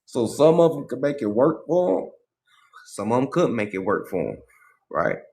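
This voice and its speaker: A man hosting a livestream in casual commentary, talking in an animated, profane way and asking "right?" again and again. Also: mid-range voice, normal speed. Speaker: livestream host.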